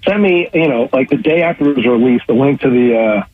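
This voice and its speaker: A man's voice: medium pitch, fast talker, husky, dry recording, phone-quality sound. A man being interviewed as a radio guest, an eager storyteller who spins long anecdotes and acts out his own reactions.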